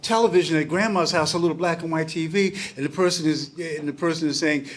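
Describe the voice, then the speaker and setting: A man in his sixties telling a personal story to a live audience at a packed bar, animated, acting out voices and swearing casually. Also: fairly high pitch, fast talker. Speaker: panel speaker. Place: packed bar event space.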